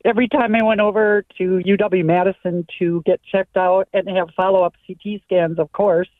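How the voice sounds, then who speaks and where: A woman's voice: medium pitch, fairly even intonation, no room sound. Older woman calling in over the phone. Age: 60s. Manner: emotional, rambling, halting. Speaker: caller. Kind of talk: call-in testimony. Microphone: telephone. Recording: tinny phone line.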